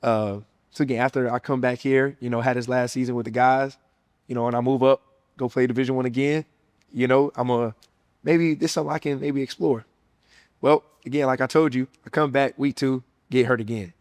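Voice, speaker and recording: A young man in his twenties tells his personal faith story in a relaxed, conversational way. He keeps dropping fillers like "man" and "you know" as he talks. His voice sits at an ordinary pitch, and the sound is dry and close, with no room echo. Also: brisk, clean tone. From United States. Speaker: former college football player sharing testimony.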